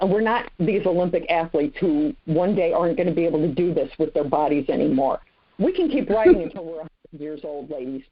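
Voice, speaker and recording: A woman author speaking as a podcast guest in a casual chat, self-deprecating and rambling with restarts. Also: sits low. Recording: dull lo-fi sound.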